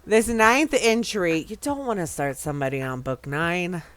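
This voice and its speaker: A woman hosting a casual gameplay video, chatting and reading game text aloud with sudden excited outbursts. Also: on the low side, moderate pace. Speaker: gaming video host.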